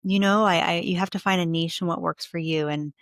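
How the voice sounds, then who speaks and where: A woman's voice: fairly low pitch, fairly even intonation, brisk, no room sound, clean studio sound. A woman hosting a podcast, chatting casually with her guest, with lots of "you know" and "like" fillers. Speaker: podcast host. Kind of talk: casual interview chat.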